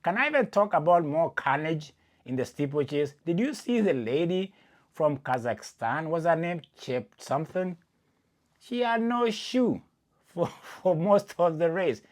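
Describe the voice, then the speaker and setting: An animated man from Kenya gives casual athletics commentary as a podcast host. His pitch swings widely while he presses each point. He keeps calling the listener "my friend" and talks to them directly. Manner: animated and emphatic, speaks straight to the listener as "my friend".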